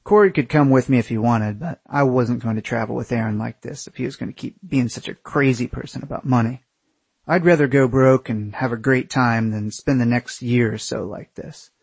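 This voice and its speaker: A man's voice: medium pitch, normal speed, gravelly, a little mellow, slightly rough, dry recording. A young man narrating his own travel story in the first person, crude and wry.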